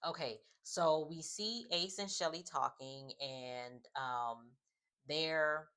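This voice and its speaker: A woman's voice: rumbling low, fairly bright tone. A woman giving a casual, opinionated recap of a reality show, chatting loosely with many fillers. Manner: chatty, opinionated, often says "just like" and "um".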